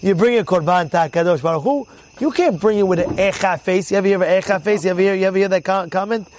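A fast-talking rabbi with a notably high voice leads a casual Torah class in a rough recording with a little hiss or hum. He's a lively storyteller who repeats words for emphasis and loudly acts out the figures in his stories.

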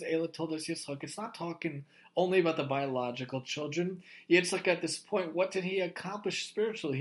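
A man giving a religious talk, emphatic and piling up rhetorical questions. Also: on the high side. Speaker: Torah teacher.

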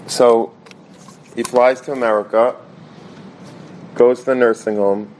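A man's voice: medium pitch, steady tone, measured pace, a little mellow, a little hiss or hum. A man telling a dramatic religious story, sprinkling in Hebrew and Yiddish terms and often restarting his words. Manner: stammering restarts and repetition.

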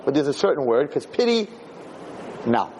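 A man, a rabbi, giving an informal Torah class, animated and rambling as he searches aloud for the right word. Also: medium pitch, moderate pace, highs cut off, slight background noise.

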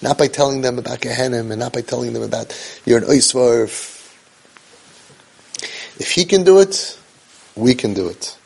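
Here a speaker on parenting and faith delivers an inspirational story, hammering home key phrases through repetition and dropping in Hebrew and Yiddish words. The man's mid-range voice is a little mellow and creaky with a breathy edge, moving at normal speed and pausing often.

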